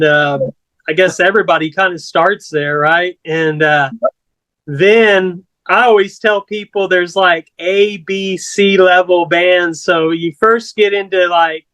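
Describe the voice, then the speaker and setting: High, bright-voiced Texan-raised guy. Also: steady tone, unhurried, dry recording, poor audio. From Corpus Christi, Texas. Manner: laid-back, rambling, swears casually, says dude and man. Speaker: guest musician. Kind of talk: casual storytelling interview.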